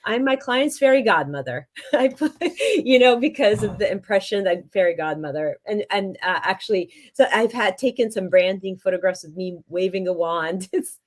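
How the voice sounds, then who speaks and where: A woman's voice: mid-range voice, moderate pace, few pauses. A woman hosting a business podcast interview, talking casually with frequent restarts and fillers. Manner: chatty, many restarts and fillers. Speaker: podcast host.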